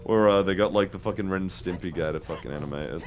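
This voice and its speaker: Guy, lowish voice, crude laughing storyteller, music faint behind. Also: fast. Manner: laughs through his own stories, swears a lot. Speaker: streamer co-host. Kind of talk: casual crude chat while gaming.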